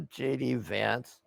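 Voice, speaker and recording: A man rants casually in scorn, swearing often, over a clip he is reacting to. His voice is gravelly and his pace is unhurried. The sound is dry and close. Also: mid-range voice, no room sound. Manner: scoffing, profane, laughing. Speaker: video reactor.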